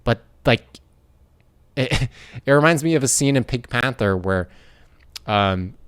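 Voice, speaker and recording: A man's voice: mid-range voice, lively intonation, takes it slowly, a bit bright, smooth, no room sound. An American man hosting a casual commentary vlog, talking in an earnest, rambling way. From United States. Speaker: YouTuber.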